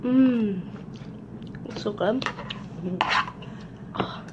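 Young woman vlogger; high, very unhurried, giggly delivery; noisy home recording. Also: highs cut off. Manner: giggly, laughing often. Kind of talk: casual challenge video chat.

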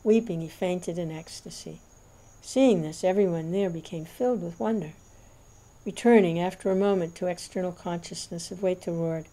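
A woman reading a devotional scripture aloud in a measured, reverent narration. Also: lowish voice, warm tone. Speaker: reader.

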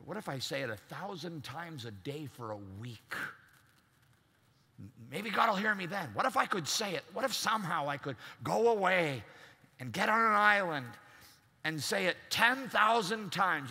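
A man's voice: on the high side, vocal fry, pushed and bright. A man preaching a sermon as pastor, emphatic and acting out the voices he quotes. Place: large church. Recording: long reverb in a large church.

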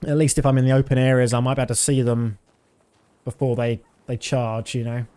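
A man's voice: medium pitch, little pitch movement, fairly quick, warm tone. A man in his thirties giving casual, rambling commentary while streaming a game, with many fillers.

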